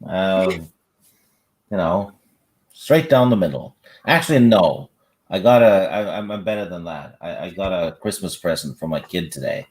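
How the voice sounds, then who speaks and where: Male co-host, very deep voice, dry, terse humor, casual chat. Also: animated, moderate pace, darkish tone. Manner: blunt, dry, hesitant with many fillers. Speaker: podcast co-host. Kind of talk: casual live-stream chat.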